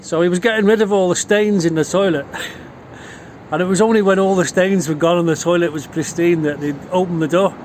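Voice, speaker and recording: Middle-aged Liverpudlian man, brash storyteller, swears freely, voice a touch high, light background hiss. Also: fairly even intonation, fairly quick, a little mellow. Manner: swears constantly, rowdy and boastful. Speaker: vlogger telling stories. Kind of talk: casual storytelling.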